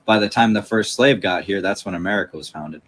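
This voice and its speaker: A man's voice: deep voice, brisk, a bit bright. A man in a casual podcast chat who talks bluntly, swears offhandedly and laughs easily.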